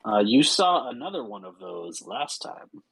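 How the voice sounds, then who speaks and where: A man narrating a tabletop game as game master, unhurried, with many fillers. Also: on the low side, sing-song, vocal fry, fairly bright tone, breathy edge, dry recording, low-quality recording.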